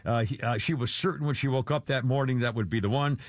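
A man's voice: mid-range voice, fast, no room sound. An older man hosting a talk radio show, rambling through gossip with wry, self-deprecating humor. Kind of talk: casual talk radio chat.

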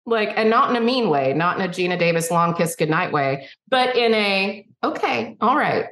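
A woman telling a personal story in a casual interview, animated and quick to laugh, now and then acting out other people's voices. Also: lowish voice. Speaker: guest. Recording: roomy echo.

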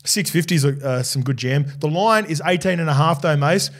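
A man's voice: a little high, moderate pace. An Australian man co-hosting a sports podcast, easygoing, telling stories and reading team news. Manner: easygoing, laughs often, tells stories. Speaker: podcast co-host. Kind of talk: casual sports chat and match preview.

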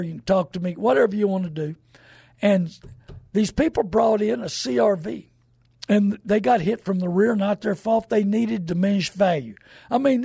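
A man's voice: high-pitched, creaky, warm tone, breathy edge, dry recording, clean studio sound. A man hosting a radio show, talking in a rambling, emphatic folksy way and acting out the people he quotes. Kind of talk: folksy radio talk monologue.

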